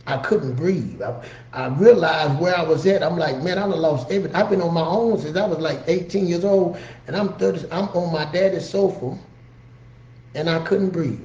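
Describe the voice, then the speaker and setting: A man's voice: a little high, moderate pace, a little mellow. A man speaking earnestly and conversationally, telling motivational stories from his own life and often checking in with the listener. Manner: earnest, conversational, frequent "you know what I'm saying". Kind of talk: motivational storytelling. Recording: roomy, slightly dull recording with faint ambience.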